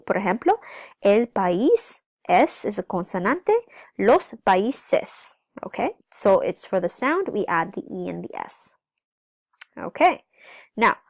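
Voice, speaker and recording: Woman teacher, patient step-by-step explainer, mid-pitched voice, dry close recording. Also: gravelly, darkish tone, no echo. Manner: explains step by step, checks in with "okay?"; switches between English and Spanish. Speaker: Spanish teacher. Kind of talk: recorded classroom lesson.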